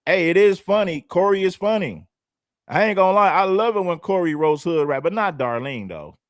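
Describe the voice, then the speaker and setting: A man's voice: high voice, animated, normal speed, no echo. Chatty male reaction host, dry sound. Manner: emphatic, repetitive, chatty. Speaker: commentary show host. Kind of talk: reaction commentary.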